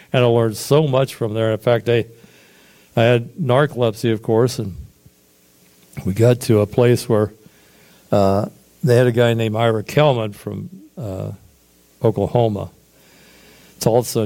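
A man casually retelling his church experiences in a rambling, animated way, acting out quotes and sound effects. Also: mid-range voice. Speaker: storyteller giving testimony. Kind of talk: casual spoken testimony.

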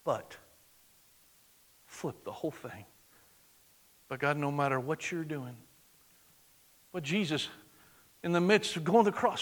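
A man preaching a sermon in church, swinging from loud exclamation to hushed, intimate prayer. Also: fairly high pitch, measured pace, pauses often. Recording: long reverb of a large hall.

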